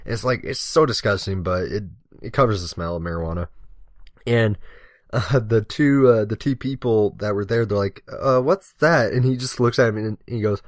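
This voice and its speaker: A young man telling a long, rambling, joking story over gameplay, full of swearing and deadpan jokes. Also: fairly low pitch, normal speed, dry recording, studio quality. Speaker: guest commentator, firefighter-medic.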